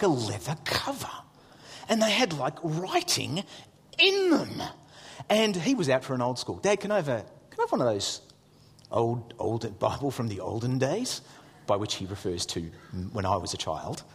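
A middle-aged man, preaching a sermon as a pastor with lively storytelling and jokey asides. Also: a little high, breathy edge, long reverb tail.

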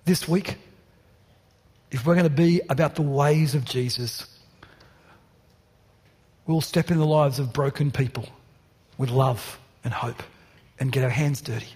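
A man's voice: mid-range voice, measured pace, long pauses, darkish tone, husky. A man preaching a sermon as pastor, passionate and building to emphatic repeated lines. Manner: passionate, rising to emphatic repetition. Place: church hall.

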